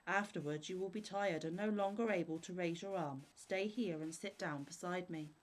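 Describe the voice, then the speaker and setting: A woman's voice: on the low side, moderate pace, natural voice. A woman voicing a poor old woodcutter father, sorrowful and cautiously scolding.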